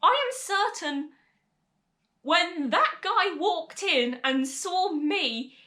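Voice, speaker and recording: A young woman telling a story for her vlog, chatty and animated and laughing along the way. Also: very high-pitched, extremely slow. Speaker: vlogger. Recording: echoey room.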